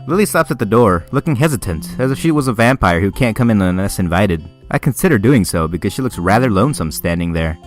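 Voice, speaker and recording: A man's voice: lowish voice, lively intonation, quick pace, hardly any pauses, faint music behind. A man reading a visual novel aloud in a casual manner, laughing at himself when he slips. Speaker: game player.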